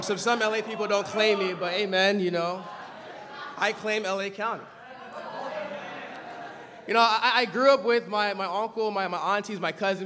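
A man from Los Angeles preaching a sermon from a church pulpit, swinging between loud shouted emphasis and relaxed, joking stories. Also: sits high. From Los Angeles, California. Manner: animated preaching, shouting for emphasis, humorous storytelling asides. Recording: long reverb of a church hall.

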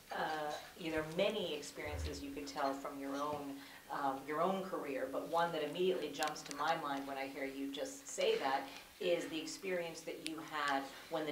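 Woman, moderator, hesitant questions, low voice, noisy distant hall recording. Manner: hesitant, filler-heavy questioning. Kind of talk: interview questions. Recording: distant, echoey hall mic with noise.

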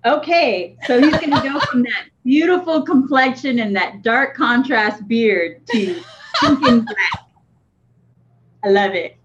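Co-hosting a vaping livestream, a woman chats casually in a teasing, playful way. Her voice is a little high and her pace measured, while the audio is dull and lo-fi with faint noise.

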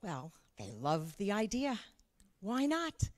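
An older woman, a cookbook author, telling a lively anecdote at an event and acting out the dialogue. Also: mid-range voice, slow. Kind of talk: storytelling talk at an event.

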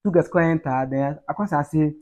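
A Nigerian man telling, in a relaxed and teasing way, the story of how he met his wife, chatting at home. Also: fairly high pitch, fast talker, lo-fi sound. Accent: Nigerian Pidgin. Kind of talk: casual storytelling.

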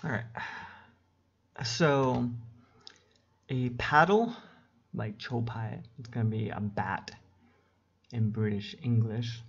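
A man teaching English in a relaxed, unhurried way at his computer, with fillers as he goes. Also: medium pitch, husky. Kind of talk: casual screen-recorded lesson. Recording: dull lo-fi home recording.

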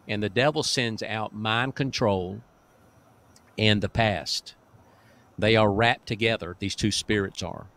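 A male pastor with a lowish voice tells deliverance stories in a folksy, emphatic way. He chuckles often as he talks. His preaching comes across as plain and conversational. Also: a bit bright.

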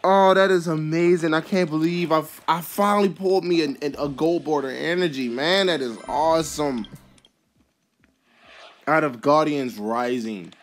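A vlogger commentating a card pack opening in a casual, excitable way, with frequent exclamations and rambling asides full of fillers. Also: medium pitch, normal speed, a little hiss or hum. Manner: rambling, filler-heavy musing.

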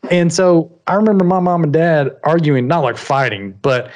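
A man co-hosting a podcast in casual chat, animated and quick to laugh as he tells stories. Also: a little high. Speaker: podcast co-host.

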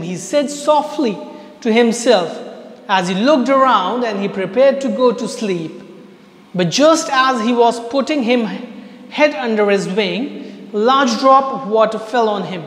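A man's voice: very high-pitched, expressive, unhurried, fairly bright tone. A man with an Indian English accent, teaching an online class: he reads a story passage aloud, then retells it in simple words. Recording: echoey room with long reverb.

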